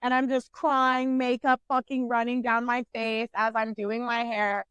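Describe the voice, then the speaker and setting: High-voiced, foul-mouthed woman storyteller. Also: measured pace, clear, resonant tone, no room sound. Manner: blunt, swears constantly, animated. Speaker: podcast co-host. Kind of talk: casual podcast storytelling.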